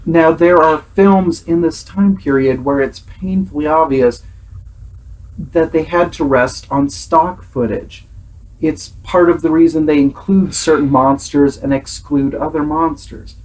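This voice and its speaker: Slow-talking man reviewing films. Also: on the high side, steady tone, a little mellow, rough recording. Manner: earnest, exasperated critique, sometimes imitates sounds. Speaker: host, film reviewer. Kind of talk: casual film review chat.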